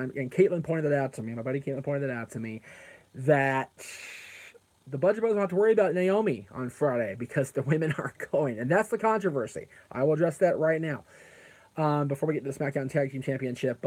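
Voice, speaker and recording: A man's voice: mid-range voice, expressive, brisk, a little mellow. A man hosting a casual live stream who rambles, answers chat comments aloud, and often stops to correct himself with plenty of fillers. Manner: frequent fillers and self-corrections.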